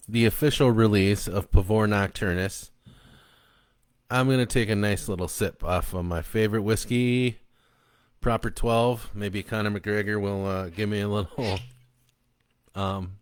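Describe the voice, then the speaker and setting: Relaxed, low-voiced man reading his book. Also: measured pace, smooth, dry recording, studio quality. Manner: relaxed and chatty, with many ums and uhs. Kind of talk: casual intro and story reading.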